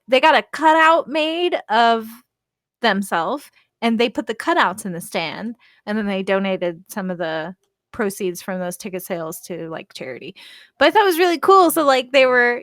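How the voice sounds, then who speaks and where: A woman's voice: mid-range voice, fairly bright tone, no echo, studio quality. A woman in her thirties co-hosting a live stream, chatting casually in a rambling way with frequent laughs. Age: 30s. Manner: chatty, rambling, laughs often, many fillers. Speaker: co-host.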